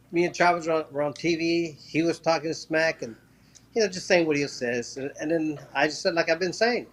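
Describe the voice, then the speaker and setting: A man with a high voice tells the story of one of his fights in a casual interview. He talks in quick bursts, tripping over restarts and repeats, and acts out the lines of the people in the story. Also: a little hiss or hum. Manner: acts out quoted voices while telling a story. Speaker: former professional boxer, interview guest.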